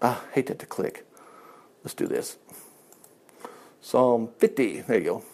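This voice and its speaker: A man's voice: medium pitch, a little slow, creaky. A man leading an informal Bible study, folksy and chuckling as he talks. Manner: folksy, animated, chuckles often. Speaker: Bible teacher.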